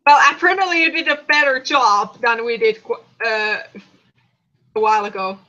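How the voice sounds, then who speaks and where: A woman hosting a livestream in casual chat, playful, giggly and excitable. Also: a little high, normal speed. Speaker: streamer host. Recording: dull lo-fi stream audio.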